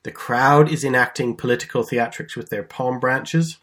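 A man of middle pitch teaches a Bible lesson in an easy, conversational voice. He tells the story in a lively way, leaning hard on key words and now and then restarting a phrase. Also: normal speed. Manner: lively storytelling with emphatic stresses.

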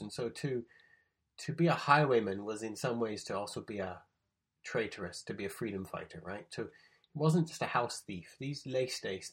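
Guy with a husky voice doing a bible teaching talk, reads verses out with punch. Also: fairly low pitch. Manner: explanatory, with emphatic read-aloud passages. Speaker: preacher.

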